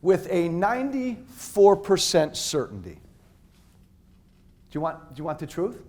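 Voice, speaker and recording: A man's voice: high voice, very animated, a little slow, darkish tone. A middle-aged man giving a blunt, impassioned, off-the-cuff speech to college students in a university hall, talking straight to the crowd. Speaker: political speaker.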